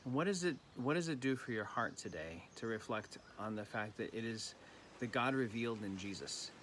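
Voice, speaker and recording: A man giving a gentle, reflective evening prayer reflection as a pastor, recorded at home during lockdown. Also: mid-range voice, lively intonation, normal speed, a little hiss or hum.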